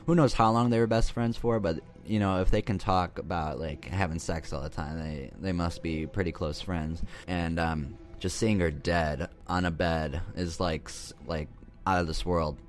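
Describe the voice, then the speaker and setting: A man's voice: low voice, fairly even intonation, moderate pace. A man recapping a horror film in a casual, rambling, profane way, joking as he goes. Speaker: movie reviewer.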